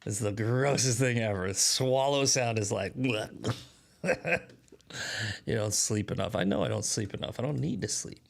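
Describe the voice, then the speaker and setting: A man's voice: lowish voice, normal speed, creaky. A man hosting a casual daily news livestream, rambling and self-mocking with lots of restarts, short on sleep and drinking coffee. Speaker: host of daily news commentary show.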